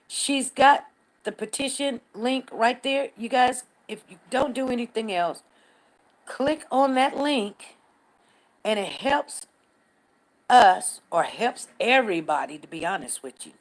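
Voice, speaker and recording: A woman's voice: mid-range voice, poor audio. An older woman speaking hosts a casual livestream, chatting with viewers and answering their comments by name. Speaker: livestream news host. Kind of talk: casual live chat reading comments.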